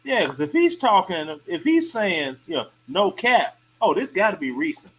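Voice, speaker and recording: A man on a podcast, animated and incredulous as he talks things through. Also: high-pitched, normal speed, a crowd in the background, poor audio. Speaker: podcast co-host. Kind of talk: casual discussion.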